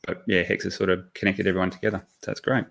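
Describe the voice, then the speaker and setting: An Australian man chatting as a guest on a live call, friendly and relaxed, with halting restarts. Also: sits low, creaky. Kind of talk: casual chat.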